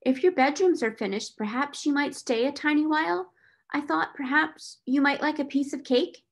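Brief: woman as a gentle, kind little girl in a storybook, soft and reassuring. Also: high-pitched, moderate pace, pitched above the performer's own voice.

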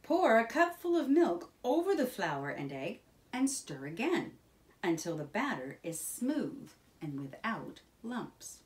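A woman voicing a patient mother giving calm instructions in a children's storybook reading. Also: mid-range voice, slow. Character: patient, practical mother guiding her son.

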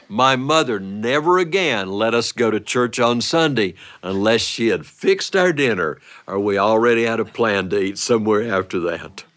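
A man performing a playful family story for listeners, animated and often breaking into laughter. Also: on the low side.

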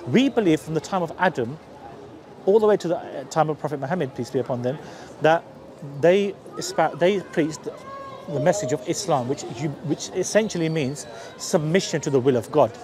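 A street preacher from East London with a Cockney accent preaches persuasively outdoors on a busy city street, earnest and repetitive, often restarting his sentences. His slightly high voice is expressive at normal speed, and crowd noise from the street fills the recording.

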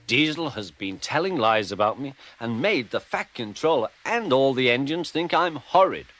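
A man's voice: medium pitch, animated, moderate pace, fairly bright tone, lightly acted. A man voicing a polite, worried young male steam engine in a storybook reading.

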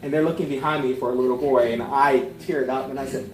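A man preaching a sermon as pastor, earnest, swelling to emphatic peaks and then dropping to soft, tender lines. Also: medium pitch, quick pace, reverberant, a little hiss or hum, rough recording.

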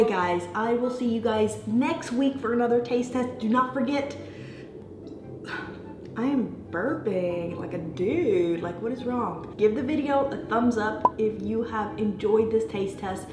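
A woman's voice: fairly high pitch, reverberant. A woman with an American accent hosting a casual taste-test vlog, chatting straight to her viewers. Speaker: vlogger.

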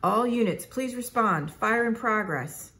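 A woman's voice: fairly low pitch, animated, brisk, fairly bright tone, a little hiss or hum. A woman voicing a formal emergency dispatcher in a storybook reading, clipped and official. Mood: urgent.

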